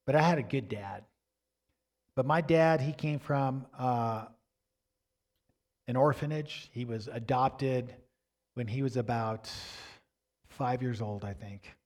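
A man's voice: mid-range voice, slow pace, long pauses, a little mellow. A middle-aged man giving a sermon, telling a personal story conversationally, with restarts and asides to the congregation. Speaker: pastor.

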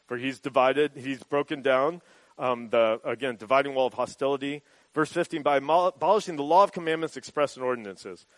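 A man's voice: mid-range voice, brisk, no room sound, low-quality recording. A man preaching a sermon as pastor, in a conversational way that keeps checking in with the listeners. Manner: conversational, often adds "right?" as a check-in.

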